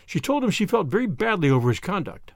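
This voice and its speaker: A man hosting a podcast and narrating a classic novel aloud with lively, expressive reading and voices for each character. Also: high-pitched, fast, vocal fry, no room sound, clean studio sound. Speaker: audiobook reader and podcast host.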